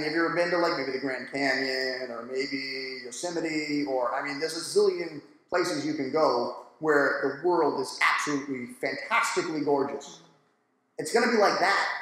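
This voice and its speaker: Animated slangy man in an echoey hall. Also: fairly high pitch, normal speed. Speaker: pastor on a church discussion panel. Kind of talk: casual panel talk. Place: church hall.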